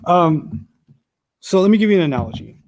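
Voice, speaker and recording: A man giving an animated, conversational Quran commentary lesson, his voice climbing sharply when he drives a point home. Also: sits high, moderate pace. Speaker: Quran teacher.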